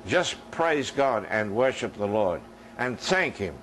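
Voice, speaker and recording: Lively man preaching a sermon. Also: fairly low pitch, slow, slight background noise, low-quality recording. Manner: conversational, rising to emphatic questioning.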